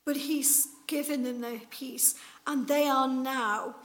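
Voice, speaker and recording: A woman's voice: sits high, fairly even intonation, takes it slowly, fairly bright tone, rough recording. A woman preaching an Easter sermon in a chatty, conversational way, acting out the people in the story as she tells it. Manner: casual, chatty with fillers like "like" and "you know".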